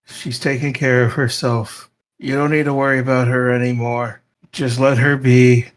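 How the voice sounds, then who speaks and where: A man's voice: medium pitch, level tone, moderate pace, close to an everyday voice. A casual adventurer, stammering as he reassures a grieving ghost, as a player voices his character. His voice is in an ordinary middle register. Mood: reassuring.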